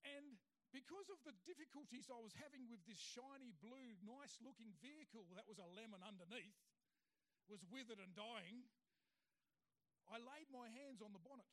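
A man's voice: very high-pitched, normal speed. A middle-aged man sharing a personal testimony with an audience, acting out the people he quotes as he tells the story. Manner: animated storyteller who acts out the people he quotes.

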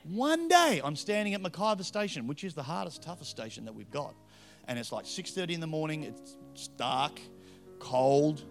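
A middle-aged man with an Australian accent preaching a story-filled sermon, swinging between loud punches and hushed asides. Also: fairly high pitch, sing-song, moderate pace, vocal fry. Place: church with live band. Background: faint music from a band.

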